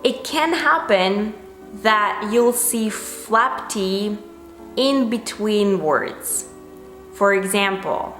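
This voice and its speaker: A woman's voice: medium pitch, slow pace, a bit bright, reverberant, soft background music. A woman teaching an English pronunciation lesson, speaking carefully and repeating example words for drill.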